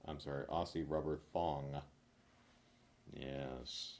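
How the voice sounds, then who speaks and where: A man reading knock-knock jokes one after another, loud on the punchlines and mumbling his asides. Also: a bass voice, fairly even intonation, takes it slowly. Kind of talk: rapid-fire joke reading.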